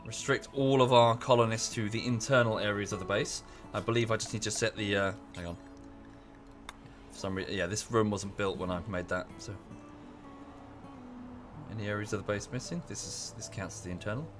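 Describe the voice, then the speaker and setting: A man's voice: lowish voice, fairly even intonation, a little fast, over music. A young English man chatting casually with his stream chat while playing a strategy game, often correcting himself mid-sentence. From England. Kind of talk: casual livestream chat over gameplay.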